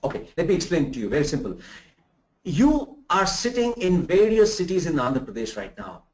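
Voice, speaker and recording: Animated male trainer in a roomy room. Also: fairly high pitch, fairly quick. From India. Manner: animated, rhetorical questions, demonstrates examples. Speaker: soft skills trainer. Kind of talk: live remote lecture. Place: room in Bangalore. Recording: roomy, dull lo-fi sound.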